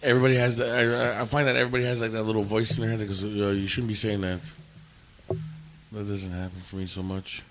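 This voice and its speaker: A man's voice: lowish voice, level tone, very fast, few pauses, slight background noise. A man co-hosting a casual podcast, brash and joking, laughing often and trying out put-on accents. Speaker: podcast co-host. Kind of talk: casual chat.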